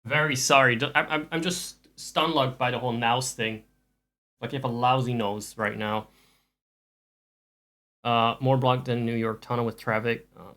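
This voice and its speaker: A man's voice: mid-range voice, steady tone, moderate pace, a bit bright. A man streaming live and chatting casually with viewers, rambling with dry jokes and frequent restarts.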